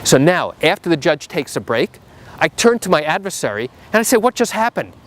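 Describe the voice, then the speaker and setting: A middle-aged man, a trial attorney, telling a story to the camera in an animated, emphatic way. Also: fairly high pitch, a little fast, slight background noise. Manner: animated and emphatic, acts out the quotes.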